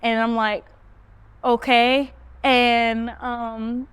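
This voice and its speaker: A woman hosting a podcast, casually recounting a story and jumping her pitch up high when she quotes herself. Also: measured pace, clear, resonant tone, no room sound. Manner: animated retelling, pitch jumps up when quoting herself. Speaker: podcast host. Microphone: phone.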